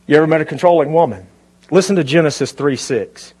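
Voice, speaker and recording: A man's voice: on the high side, fast talker, a little mellow, slightly rough. A man preaching a sermon to a congregation in a church, talking conversationally and asking them questions. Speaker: pastor. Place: church before a live congregation.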